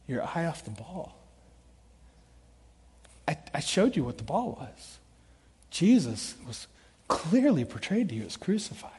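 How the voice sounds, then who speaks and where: Middle-aged male pastor, high voice, big-hall reverb, storyteller's sermon that swings from loud quotes to hushed asides. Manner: animated storytelling, shifts between loud acted quotes and quiet earnest asides. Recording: long reverb of a large hall.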